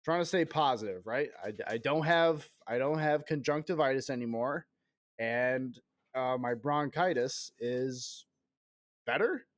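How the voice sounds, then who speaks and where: A man's voice: mid-range voice, a little slow, no room sound, clean studio sound. A man in his thirties chatting casually on a game stream. He rambles, mocks himself and swears, and still coughs now and then while getting over an illness. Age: 30s. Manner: rambling, self-mocking, profane.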